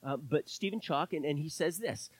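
A male pastor preaching a sermon, impassioned, swinging from loud declarations to hushed asides and calling out to his congregation. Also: fairly high pitch, moderate pace, no room sound, poor audio.

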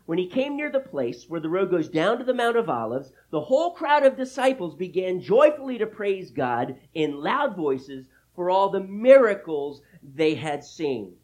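A man's voice: sits high, moderate pace, few pauses, rough recording. A man preaching an expository sermon, teaching with emphasis and personal asides to the congregation. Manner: emphatic, animated Bible teaching with asides to listeners. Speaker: pastor.

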